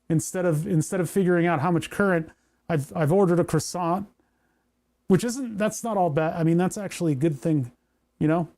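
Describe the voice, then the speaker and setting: High-voiced man rambling while tinkering. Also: darkish tone. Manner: rambling, joking, talks to chat while working. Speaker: maker streaming a hardware project. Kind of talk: casual livestream tinkering talk.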